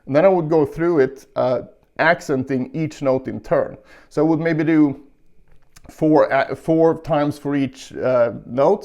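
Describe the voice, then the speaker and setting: A man giving a casual guitar lesson, explaining technique calmly and counting beats aloud, with guitar playing behind him. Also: mid-range voice, measured pace. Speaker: guitar teacher.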